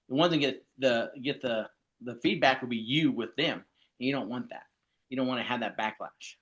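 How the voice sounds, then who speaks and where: A man's voice: mid-range voice, fairly bright tone, highs cut off. Easygoing male coach, casual chat. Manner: easygoing, joking, rambling with restarts.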